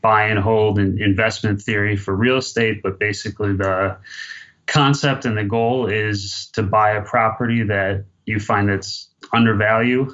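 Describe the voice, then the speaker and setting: Low-voiced male guest on a dull line. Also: fairly even intonation, fairly bright tone. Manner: measured, explanatory, with fillers like "kind of". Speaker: guest, real estate investor. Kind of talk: interview answers.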